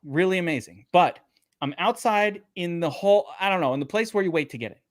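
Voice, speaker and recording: A man, co-hosting a sports betting podcast and telling a story in a profane, animated way. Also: sits high, fairly quick, a little hiss or hum. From Brooklyn, New York. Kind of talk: casual chat.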